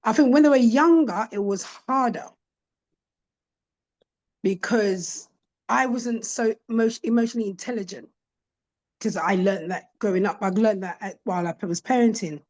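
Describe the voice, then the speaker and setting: A middle-aged woman, a podcast guest, telling candid personal stories in an animated way and acting out what her children said. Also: medium pitch, moderate pace, pauses often, lo-fi sound. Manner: animated, acts out quoted voices of her children. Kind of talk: candid conversational storytelling.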